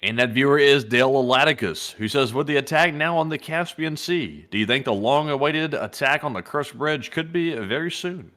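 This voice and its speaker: A man's voice: medium pitch, moderate pace, few pauses, a bit bright. A man co-hosting a live stream, reading viewer questions and donations aloud in a chatty way.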